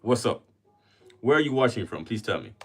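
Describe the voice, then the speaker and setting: A man's voice: medium pitch, big pitch swings, fairly quick, a bit bright, husky, faint music behind. A man from Jamaica with a Jamaican accent, hosting a casual livestream and chatting with viewers as he reads their comments aloud. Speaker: livestream host.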